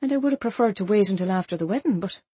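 A woman voicing a young pregnant bride who answers in a bright, slightly hurt way. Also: medium pitch, lively intonation, very fast, slightly rough, no room sound. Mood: defensive. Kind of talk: audiobook character voice.

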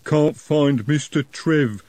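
A man voicing a slow, dull-witted male troll laborer who speaks in flat, repetitive phrases. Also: fairly high pitch, no echo, voice pushed up.

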